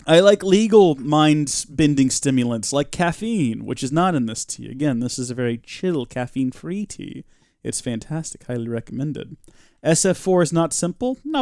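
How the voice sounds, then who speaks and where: A young male streamer gives playful live commentary on the game he's playing, talking to his chat and breaking into silly high voices. His voice is creaky and a little mellow, recorded dry with studio quality.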